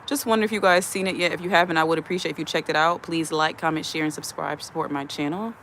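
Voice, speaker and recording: Talking fast with fairly even intonation, a host from the USA chats casually on a livestream outside on a chilly evening. They greet viewers individually and read their comments aloud into a phone held with the speaker behind the camera. The medium-pitched voice is a bit bright, with a little hiss or hum.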